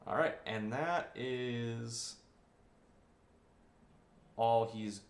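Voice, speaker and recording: Unhurried man running a tabletop game. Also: mid-range voice, very noisy. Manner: relaxed, halting with fillers. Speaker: game master. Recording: roomy echo.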